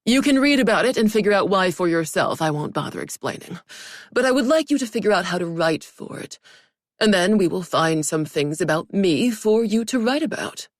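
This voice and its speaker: A woman's voice: mid-range voice, animated, normal speed, no room sound, studio quality, natural voice. A woman voicing a vain, self-absorbed male celebrity boss who talks in a commanding, dismissive way. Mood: bossy.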